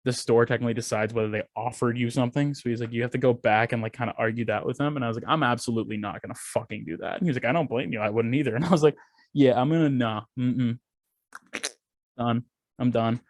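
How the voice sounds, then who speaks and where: A man's voice: medium pitch, fast talker, no echo, clean studio sound. A young man, a podcast co-host, telling a story in casual chat, swearing and acting out what people said.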